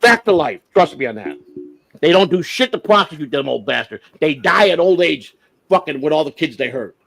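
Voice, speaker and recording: A man hosting a livestream, ranting with heavy swearing, flaring loud and then dropping to a mutter. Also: on the high side, animated, a little fast, vocal fry, low-quality recording. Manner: profane, heated, swings from shouting to muttering. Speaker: livestream host. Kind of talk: unscripted livestream rant.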